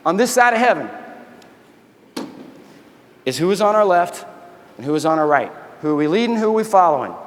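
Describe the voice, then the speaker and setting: High-voiced man giving a folksy keynote. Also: long reverb tail. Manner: folksy, animated storytelling with quoted dialogue. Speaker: keynote speaker and army veteran. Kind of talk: motivational keynote speech. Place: large convention hall.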